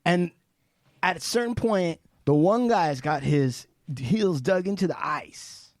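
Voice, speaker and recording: Animated, profane male storyteller, slightly high voice. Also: slow pace, dry recording, clean studio sound. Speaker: podcast guest, film director. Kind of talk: casual podcast storytelling.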